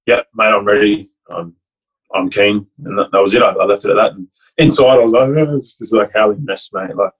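With a fairly low, husky voice and a fairly quick pace, the young Fijian rugby league player and coach rambles through a heartfelt story in casual conversation. He restarts often and says "like" a lot, and the audio is poor.

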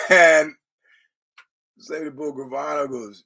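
A man's voice: fairly high pitch, fairly even intonation, extremely slow, vocal fry, pauses often, pushed and bright, breathy edge. A man hosting his own podcast, talking in a rambling, digressive way, quoting film lines and laughing often. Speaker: podcast host. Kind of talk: rambling casual monologue.

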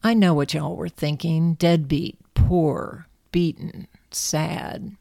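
A woman reading the lines of a proud older grandmother who speaks earnestly and softly. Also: low-pitched, takes it slowly, creaky, no room sound, clean studio sound, heavily acted. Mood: contrite.

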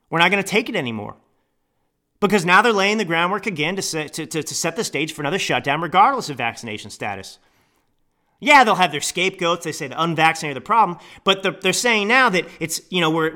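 A man's voice: sits high, pushed and bright. A man hosting a podcast, giving an indignant political commentary monologue with repeated restarts. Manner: fiery, indignant, repetitive restarts. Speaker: podcast host.

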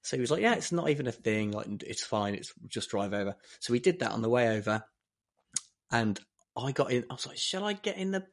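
A man in casual podcast chat, telling a story at full tilt and doing little voices for the people in it. His pitch sits in the ordinary middle range for a man. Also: brisk, creaky. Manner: animated storyteller who acts out other people's lines.

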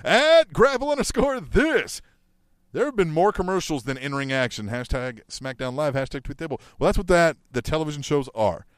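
A man's voice: medium pitch, animated, fast, hardly any pauses, no echo, studio quality. A man co-hosting a wrestling podcast, reading listener tweets aloud and chatting with wry remarks.

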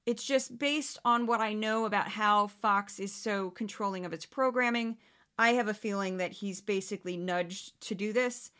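A woman's voice: mid-range voice, moderate pace, a bit bright, smooth. A woman hosting a podcast, talking in a casual, sarcastic commentary style and putting on exaggerated voices to mimic others. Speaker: podcast host.

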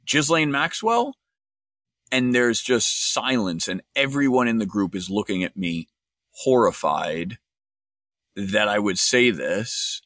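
A man's voice: on the low side, a little slow, fairly bright tone, no echo, clean studio sound. A man hosting his own podcast, telling a wry story and then giving an earnest analysis in a solo monologue. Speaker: podcast host.

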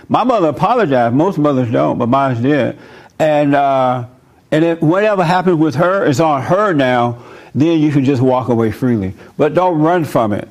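A man preaching in an easygoing, conversational way, his voice sitting a little higher than most men's. He answers listener questions with personal stories and breaks into chuckles often. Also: a little mellow. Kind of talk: informal sermon.

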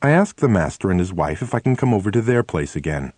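A male audiobook narrator with a lowish voice that rises and falls a lot as he tells a first-person memoir. His delivery is lively and expressive. The sound is close and dry, with no room around it. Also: fast, breathy edge, no room sound.

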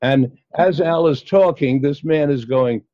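An older man, a psychologist guest, recounting his past in an interview with many pauses and fillers. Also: fairly high pitch, no echo. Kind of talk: storytelling in an interview. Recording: dull, dry lo-fi sound.

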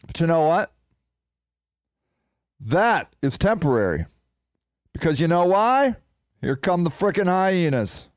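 Animated high-voiced male podcast host. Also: takes it slowly, long pauses, no room sound. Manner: animated, rambling, playful storytelling. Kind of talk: casual solo podcast chat.

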